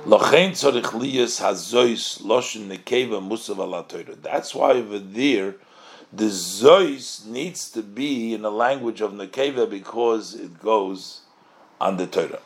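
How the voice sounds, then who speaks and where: A man's voice: lowish voice, unhurried. A man teaching a religious text study lesson, reading short Hebrew phrases and translating them line by line, asking and answering his own questions. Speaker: Torah teacher.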